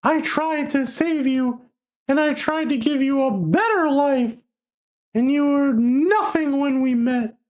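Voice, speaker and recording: A woman reading aloud the lines of a domineering male romance hero in her own voice, flat and stumbling. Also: high-pitched, slow pace. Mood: cold.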